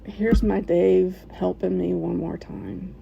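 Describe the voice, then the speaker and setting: A woman telling a personal story as a podcast listener, in an emotional, halting way with soft laughs. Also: on the low side, steady tone, gravelly, highs cut off, slight background noise.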